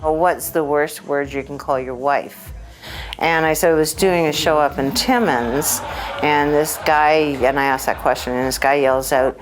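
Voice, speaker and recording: A woman's voice: low voice, normal speed, slight background noise, poor audio. A woman stand-up comic telling an anecdote in an interview, acting out the lines of the people in it. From Canada. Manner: animated, acts out dialogue.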